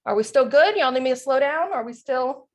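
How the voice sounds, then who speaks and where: A woman's voice: high voice, expressive, brisk. A woman teaching an online cookie decorating class over a video call, upbeat and encouraging, laughing often.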